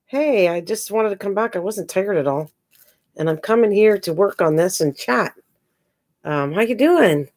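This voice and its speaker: A woman's voice: mid-range voice, lively intonation, moderate pace, a little mellow, no echo. An older woman hosting a casual live stream from home while crafting, chatting with viewers and calling them pet names.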